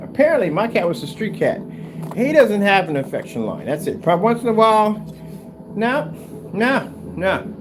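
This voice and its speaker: A man with a high voice and big swings in pitch speaks at a moderate pace over background noise. Making home theater screens in his workshop vlog, he rambles, restarts often, and occasionally raises his voice to scold his cat.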